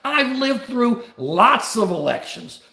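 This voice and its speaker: An emotional man hosts a livestream, talking back to viewers by name and pushing his points again and again, sometimes at a yell. His voice sits high and swings widely, with a gravelly rasp. The sound bounces around a roomy space. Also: very animated, slow. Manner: emphatic, repetitive, answers chat viewers by name; yelling at times. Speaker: livestream host. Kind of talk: impassioned political livestream rant. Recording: roomy echo.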